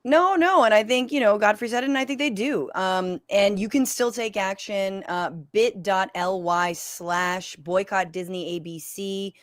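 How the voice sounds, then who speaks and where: A woman, a comedian and political commentator, talking in a quick, emphatic way on a video call. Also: medium pitch, dry recording, studio quality. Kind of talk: casual chat.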